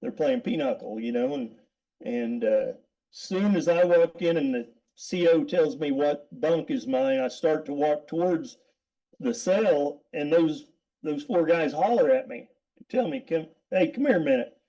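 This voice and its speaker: A man's voice: a little high, measured pace, warm tone, muffled recording. A middle-aged man, a guest, telling a story casually, rambling with repeated words and frequent laughs.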